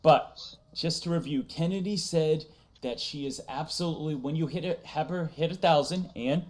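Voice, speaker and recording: A man's voice: on the high side, moderate pace, darkish tone. A man hosting a casual livestream chat, talking loosely, laughing often and reading chat messages aloud. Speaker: streamer host.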